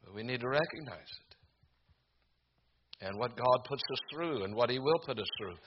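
An older man preaching a sermon to a congregation, earnest and halting, with frequent fillers and restarts. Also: mid-range voice, lively intonation, lo-fi sound, noisy background. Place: room with a congregation.

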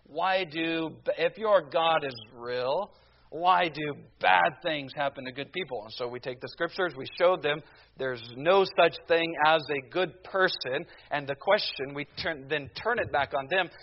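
In dull audio, a man with a fairly high voice preaches a sermon, driving his point home through a string of rhetorical questions. He is emphatic and slows down on key phrases.

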